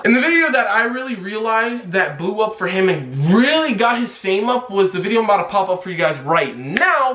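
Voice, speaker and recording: A man's voice: high-pitched, a bit bright. A young man ranting and mocking in a profane commentary vlog. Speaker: YouTube commentator. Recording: echoey room.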